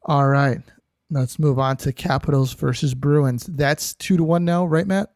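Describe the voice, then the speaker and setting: A man's voice: fairly high pitch, fairly even intonation, a little slow, darkish tone, dry recording, studio quality. A man hosting a hockey podcast chat who moves the talk along and laughs easily.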